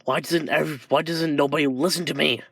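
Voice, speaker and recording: A man's voice: fairly high pitch, steady tone, fast, gravelly, fairly bright tone, husky, no echo, clean studio sound, heavily acted. Man doing a flustered teenage hero boy. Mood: distressed. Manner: flustered, apologetic, stammering.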